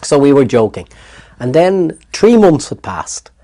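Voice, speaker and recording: An Irish man telling his story in an interview, animated and repeating words when excited. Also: medium pitch, a little slow. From Ireland. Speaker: interview guest.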